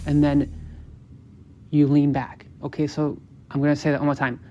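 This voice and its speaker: A man hosting a podcast, coaching listeners with emphatic, repetitive instructions and casual swearing, dropping lower and quieter when he acts out sample lines. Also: completely flat delivery, fast, pauses often, soft background music. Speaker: podcast host, dating coach.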